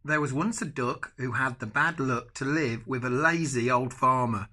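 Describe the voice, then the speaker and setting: An older man, a grandfather, reading a picture book aloud to his grandchildren with animated asides. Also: mid-range voice, normal speed. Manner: animated, adds chatty asides to the children. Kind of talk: bedtime storybook reading.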